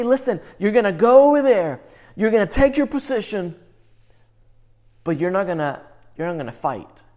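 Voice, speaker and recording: A man preaching a sermon, moving between animated, incredulous outbursts and hushed, earnest delivery. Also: sits high. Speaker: pastor.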